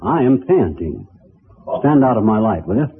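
A man's voice: on the low side, sing-song, normal speed, slight background noise. A man playing a brash, boastful small-town husband who mangles words, in 1940s radio comedy. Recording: tinny old radio broadcast, studio audience laughter.

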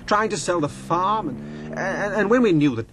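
An actor playing an anxious, upper-class gentleman with a tin leg, flustered and defensive, in a radio drama. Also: high-pitched, animated, moderate pace, a little hiss or hum.

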